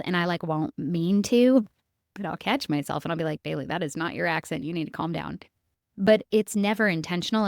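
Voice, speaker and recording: A woman's voice: on the low side, a little mellow, no echo, studio quality. A young adult woman hosting a podcast, talking candidly and conversationally to her listeners, with plenty of casual fillers. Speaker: podcast host. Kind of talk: reflective solo podcast monologue.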